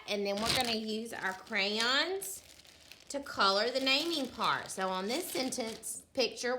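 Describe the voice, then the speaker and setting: A woman teacher leading a slow phonics lesson for young children, sounding out words carefully and praising the class. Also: medium pitch, bright, forceful tone.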